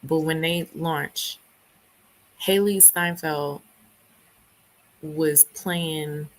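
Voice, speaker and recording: A woman's voice: deep voice, fairly even intonation, drawn-out words, low-quality recording. A young woman hosting a book club livestream, chatting casually and reading viewer comments, her voice still not fully back after laryngitis. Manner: chatty, laughs often, acts out quotes.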